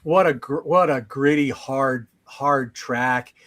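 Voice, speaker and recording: A man sits in on a remote panel and talks through his picks with easy, casual enthusiasm. His voice sits at a middle pitch, and the sound is dry with little room around it. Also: slow pace, a bit bright, no echo. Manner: enthusiastic, conversational, with fillers. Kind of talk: casual music panel talk.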